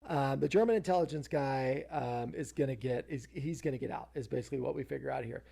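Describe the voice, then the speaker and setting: A man's voice: a little high, vocal fry, mellow. A man co-hosting a podcast, recapping a TV episode in a casual, rambling way, full of fillers and self-interruptions. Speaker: podcast co-host.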